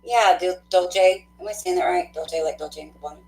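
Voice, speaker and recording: A woman hosting a live tarot stream, chatting casually with viewers, effusive and quick to laugh, thinking aloud with fillers. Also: fairly low pitch, darkish tone, reverberant, low-quality recording.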